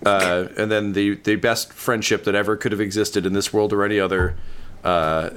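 A man's voice: lowish voice, fairly even intonation, normal speed, a bit bright, smooth. A man narrating as game master of a tabletop role-playing game, casual and jokey.

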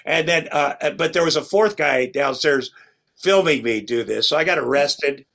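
A man's voice: on the high side, normal speed, creaky, fairly bright tone. Rambling middle-aged man telling stories. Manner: rambling, restarts often, acts out quoted lines. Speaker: podcast guest. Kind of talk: casual storytelling chat.

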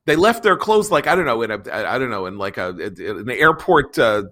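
Animated male political talk host. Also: lowish voice, a little fast. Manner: animated, digressive, sarcastic asides. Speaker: podcast host. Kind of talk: political talk show with ad read.

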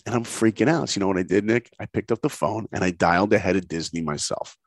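Brief: middle-aged male guest, a dry close sound, punchy and animated, acts out every line. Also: deep voice, fast talker, no room sound. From New York. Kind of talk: motivational storytelling.

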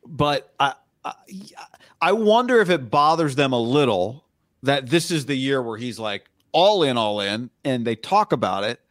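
A man co-hosting a casual sports podcast, talking in a measured, analytical way and often dropping in short agreements. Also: mid-range voice, fairly bright tone, no echo, clean studio sound.

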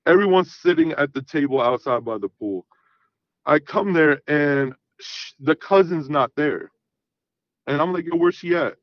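A man's voice: a little high, lively intonation, unhurried, no echo. A man telling a long personal story in casual, rambling talk, full of swearing and "I'm like" asides. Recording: dull lo-fi sound.

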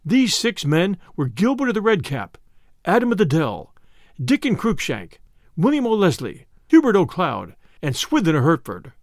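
A man narrating a classic storybook tale in an expressive reading of archaic prose. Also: sits high, moderate pace, no echo, studio quality.

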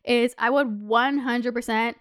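A woman's voice: a little high, steady tone, unhurried, dry recording, clean studio sound. A young woman in her twenties hosting a solo podcast, talking casually and passionately, with lots of "like" and casual swearing. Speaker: podcast host.

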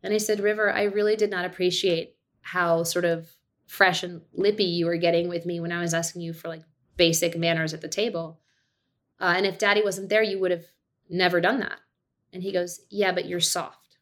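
A woman's voice: lowish voice, a little fast. A woman in her thirties, a guest on a podcast, telling a family story in casual chat and acting out the lines she quotes. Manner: animated storyteller, acts out quotes, laughs easily. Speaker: podcast guest, actor and director.

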